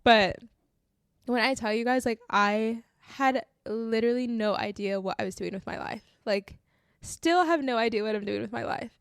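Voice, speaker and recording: Her voice is fairly high and smooth, her pace moderate, and the recording dry. A young woman on a faith podcast, she earnestly recounts her testimony in a casual, heartfelt style, often tearful and full of "like."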